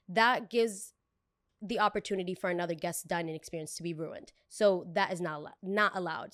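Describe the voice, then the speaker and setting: A young woman hosting a podcast, telling a work story in a chatty, animated way and acting out the people in it. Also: on the low side, dry recording, clean studio sound. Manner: chatty, animated, acts out every voice in the story, curses freely. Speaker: podcast host. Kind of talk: casual storytelling.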